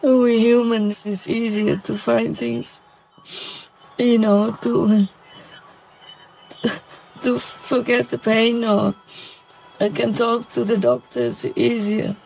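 A woman giving a heartfelt moral talk, halting and emotional, with many pauses and fillers. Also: fairly high pitch, gravelly, a little mellow, soft background music.

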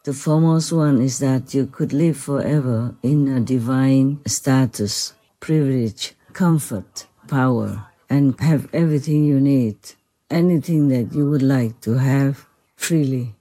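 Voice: mid-range voice, a little slow, mellow, no echo, lightly acted, rough recording. A speaker relaying a gracious otherworldly king. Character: gracious otherworldly male king, benevolent and formal.

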